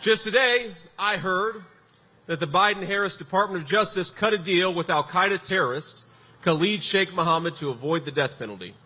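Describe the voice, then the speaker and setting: A man's voice: sits high, moderate pace, sharp tone. Emphatic man giving a rally speech. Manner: emphatic, punchy delivery with sarcastic jabs. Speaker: political candidate at a rally. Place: large rally venue before a crowd. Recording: echoey hall sound with faint background noise.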